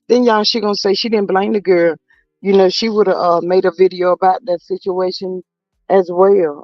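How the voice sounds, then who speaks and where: A man with a high, gravelly voice drawls through sassy gossip for his live-stream viewers. The sound is dry and close, a little dull and lo-fi, with faint music underneath. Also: steady tone, measured pace, pauses often, darkish tone, dry recording. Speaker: commentary channel host reading live chat. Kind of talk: casual live-stream commentary.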